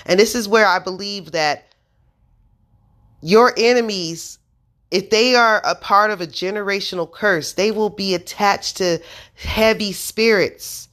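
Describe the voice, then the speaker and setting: A woman's voice: medium pitch, unhurried, a bit bright. A woman in her thirties telling a personal story to viewers, intense and earnest, swearing freely and speaking straight to her audience. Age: 30s. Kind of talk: casual spoken storytelling.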